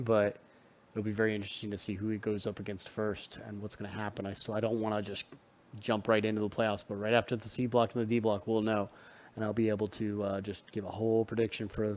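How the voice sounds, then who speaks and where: A man's voice: lowish voice, darkish tone. A man giving a casual, loose recap of wrestling matches, full of ums and restarts, recorded at home. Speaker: wrestling show reviewer.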